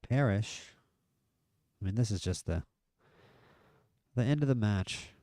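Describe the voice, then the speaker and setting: A man live-streaming a football management game, chatting through the match and getting excited at near misses and goals. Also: fairly low pitch, unhurried, no room sound, studio quality. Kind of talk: live gameplay commentary.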